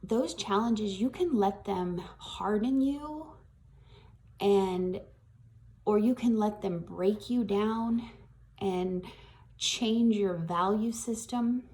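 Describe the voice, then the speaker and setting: Woman, graduation speaker, slow reflective storyteller with a gravelly edge, lots of ums. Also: mid-range voice, a little mellow. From Northwest Arkansas. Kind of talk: storytelling speech.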